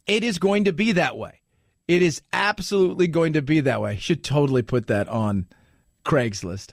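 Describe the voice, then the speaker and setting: A man hosting a talk radio show, commenting in an animated, rambling way with restarts. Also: high-pitched, normal speed, vocal fry, no room sound, clean studio sound.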